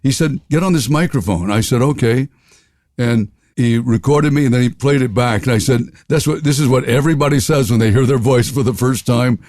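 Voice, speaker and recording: Older Southern-raised radio veteran, interview guest, loves jokes and silly voices; dry close mic. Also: male voice, mid-range voice, brisk, a little mellow, dry recording. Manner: jokey, playful voices, laughs often. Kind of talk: storytelling interview.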